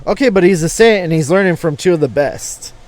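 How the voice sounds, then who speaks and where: A young man in casual chat as a podcast co-host, excited and swearing often as he shares his opinions. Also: high voice, a little fast, no room sound.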